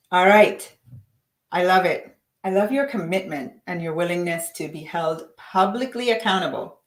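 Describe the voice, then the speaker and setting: A woman leading a live-stream coaching session, upbeat and encouraging, chatting to viewers by name. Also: fairly low pitch. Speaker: livestream coach. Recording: roomy echo.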